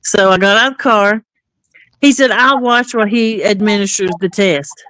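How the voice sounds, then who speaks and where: A woman's voice: mid-range voice, normal speed, no room sound. A woman on a live talk stream casually telling a long story, acting out the back-and-forth dialogue as she goes. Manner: animated, acts out quoted dialogue.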